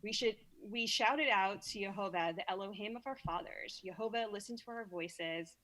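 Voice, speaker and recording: A guest reader from Brooklyn, New York, she chats easily on a podcast and reads scripture with the occasional stumble or repeat. Her Brooklyn-accented voice is medium in pitch, a bit bright, and unhurried at a moderate pace.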